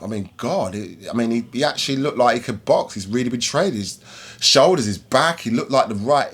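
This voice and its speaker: A man's voice: medium pitch, a bit bright. A man giving a casual, rambling fight review, full of ums and restarts. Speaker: MMA vlogger.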